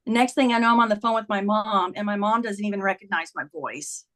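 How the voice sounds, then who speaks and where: A woman of medium pitch tells a personal story as a guest in an interview. She narrates in an earnest, unhurried way and slips into the voices of the people she quotes. Her delivery is plain conversational storytelling rather than a reading. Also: a bit bright. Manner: vivid retelling that acts out quoted dialogue. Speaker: guest, author.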